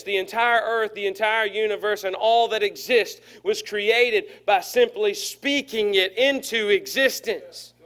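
High-voiced pastor preaching with humor. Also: male voice, fairly bright tone. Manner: folksy and humorous, acts out voices in stories. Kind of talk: sermon.

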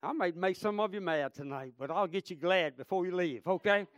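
A male preacher with a very high voice, delivering a fiery sermon. He repeats his points and keeps calling out to the congregation. The sound is close and dry. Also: fairly quick, no echo, lo-fi sound. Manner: fervent, repetitive, calls out "Amen?" and "friend".

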